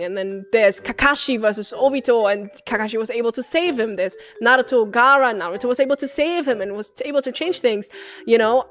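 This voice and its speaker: A woman streamer rambling through a comedic plot recap, excitable and bursting into shouts. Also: on the high side.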